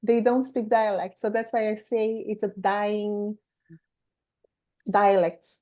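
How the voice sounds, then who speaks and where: Brazilian woman with a mellow voice. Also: medium pitch, fairly even intonation. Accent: Brazilian Portuguese. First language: Portuguese. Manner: thoughtful, measured explaining with fillers. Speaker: interview host. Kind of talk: casual chat.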